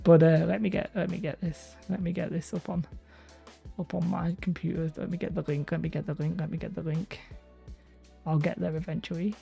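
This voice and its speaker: Gravelly low woman chatting on a stream. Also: steady tone, fairly quick, warm tone. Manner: chatty, rambling, laughs often. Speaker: hobby livestream host. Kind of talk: casual livestream chat reading viewer comments. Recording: dull lo-fi stream audio with faint music.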